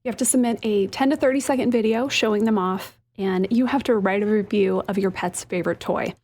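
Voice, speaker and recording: A woman's voice: mid-range voice, brisk, a little mellow. A woman co-hosting a podcast, sharing a news item and a tech tip in an upbeat way. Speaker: podcast co-host. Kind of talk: casual chat, reading a news item.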